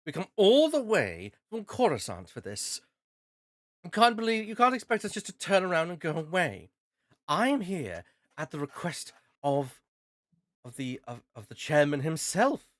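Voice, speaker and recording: A man's voice: on the high side, sing-song, moderate pace, a bit bright, no room sound, clean studio sound, voice pushed up. A man voicing a haughty aristocratic baroness who is indignant at being left off a guest list. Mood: imploring. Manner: indignant, grand.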